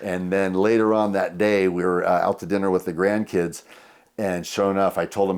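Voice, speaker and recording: An older man in his sixties with a somewhat low voice, telling casual stories as a podcast guest. He rambles warmly, with plenty of "you know" and "uh" along the way. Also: steady tone, moderate pace, smooth. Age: 60s. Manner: rambling, warm anecdotes with many fillers. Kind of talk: casual storytelling.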